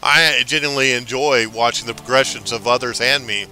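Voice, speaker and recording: A man's voice: mid-range voice, steady tone, fairly quick, sharp tone, soft background music. A man streaming a game live, chatting casually and hyping up his viewers. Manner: chatty, hyped, talks back to viewers.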